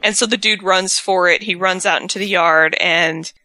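A woman's voice: fairly low pitch, steady tone, normal speed, pushed and bright, no echo. A woman co-hosting a show, recapping an episode in casual, rambling chat. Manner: chatty, rambling storyteller. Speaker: podcast co-host.

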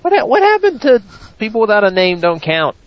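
A man's voice: high voice, huge pitch swings, brisk, no echo, dull audio. A man on a talk show panel, joking around in casual banter.

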